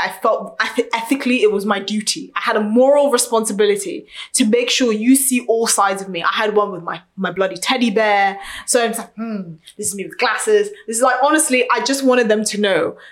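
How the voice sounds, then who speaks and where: A young woman speaking her mind in a relaxed podcast conversation, blunt and opinionated. Her voice sits at a middle pitch for a woman. She tells stories animatedly and slips into voices for the people she quotes. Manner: outspoken, animated storyteller, acts out quotes. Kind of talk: casual chat.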